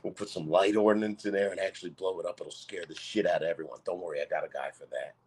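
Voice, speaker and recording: A brash, mocking comedian reads his script aloud at full volume. His voice sits low and sounds husky and rough. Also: fairly even intonation, fast. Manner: brash, abrasive, loud and mocking. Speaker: guest comedian. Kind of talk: comedy script table read.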